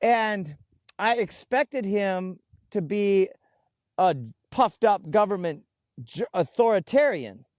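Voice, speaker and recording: A man speaking as an interview guest, telling stories earnestly and slowing right down to stress his key words, recorded outdoors. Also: high voice, animated, darkish tone, no room sound, studio quality. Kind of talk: conversational interview. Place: outdoors in a food forest.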